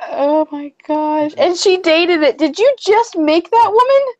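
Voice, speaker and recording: Giddy, teary young woman, very high. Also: measured pace, dull audio. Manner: giddy, overwhelmed, laughing and near tears. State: teary, choked up. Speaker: co-host. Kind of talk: casual livestream chat.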